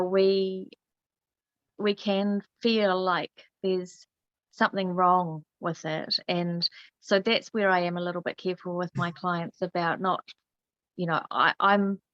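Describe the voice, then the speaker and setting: A woman healer hosting a casual podcast chat, chatty and quick to laugh. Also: on the low side, no echo, highs cut off. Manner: chatty, laughs often, fillers. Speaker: host, healer.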